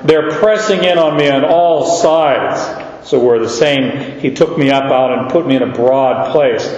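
Slow-speaking male pastor in an echoey hall. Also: medium pitch, darkish tone. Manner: slow, halting teaching with repeated words. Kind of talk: verse-by-verse sermon. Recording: echoey hall, dull sound.

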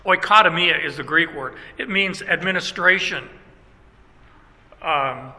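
A Bible teacher from Germany speaks with a high, piercing, very bright voice. He grows emphatic as he makes his points. A long reverb trails behind his words. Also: a little slow. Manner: emphatic, animated storyteller. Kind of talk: speaking on theology.

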